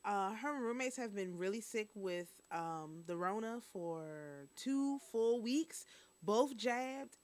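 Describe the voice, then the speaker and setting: A woman hosting a casual news and review stream, chatting straight to her viewers. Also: mid-range voice.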